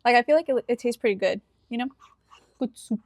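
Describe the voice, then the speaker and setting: A young woman co-hosting a podcast in casual chat, telling a story with lively acted-out quotes and frequent laughter. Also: on the high side, a little fast, no echo, studio quality. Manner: animated storyteller who acts out quoted dialogue and laughs often. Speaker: podcast co-host.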